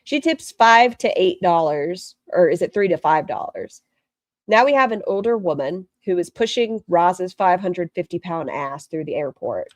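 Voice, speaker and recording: A woman from the northern US near the Canadian border hosts a live stream, reacting to a clip with blunt, sarcastic commentary and plenty of swearing. Her voice is on the low side and expressive, at a moderate pace. There's no echo.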